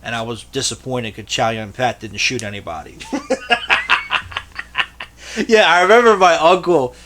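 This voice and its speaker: A man's voice: mid-range voice, expressive, moderate pace, noisy background. A man casually showing off his tape collection, rambling and swearing freely between jokes. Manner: rambling, profane and jokey. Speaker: VHS collector vlogger. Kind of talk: casual show-and-tell.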